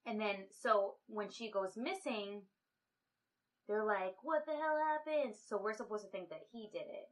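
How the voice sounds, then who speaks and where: A woman's voice: medium pitch, a little slow, fairly bright tone. Rambling woman recapping a movie plot. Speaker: podcast co-host. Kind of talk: casual chat.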